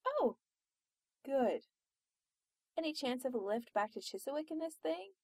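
Brash sarcastic young woman, read by a woman, lively pitch, dry sound. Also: measured pace, no room sound, full character voice. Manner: loud, sarcastic, exclaiming. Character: brash excitable young woman, loud and blunt.

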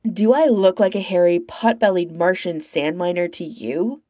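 A woman's voice: lowish voice, warm tone, dry recording, clean studio sound, natural voice. A woman voicing a brash, sarcastic young woman who jumps through time. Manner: sarcastic and quick-tempered.

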